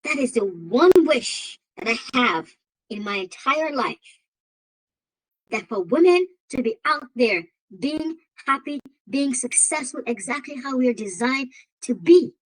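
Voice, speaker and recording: A woman's voice: high-pitched, sing-song, measured pace, low-quality recording. A woman with an African accent hosting a commentary vlog, emphatic and given to repeating phrases and exclaiming. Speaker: host.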